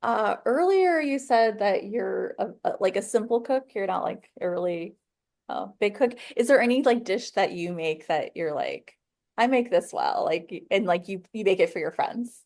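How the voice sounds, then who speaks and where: Young host gal from the northwest, says like a lot, halting questions, middle pitch. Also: female voice, animated, darkish tone. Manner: halting, full of "like" fillers. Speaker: podcast host. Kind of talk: casual interview chat.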